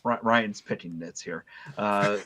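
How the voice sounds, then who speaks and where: A man's voice: fairly low pitch, measured pace, sharp tone, slight background noise. A man co-hosting a casual movie podcast in an easygoing way. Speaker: podcast co-host.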